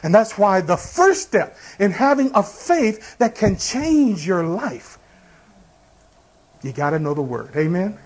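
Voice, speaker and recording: Pastor, male, high-pitched voice, preaches with rhetorical questions and everyday illustrations. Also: very animated, takes it slowly, slightly rough. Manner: preaching with rhetorical questions and congregation call-outs. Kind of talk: sermon.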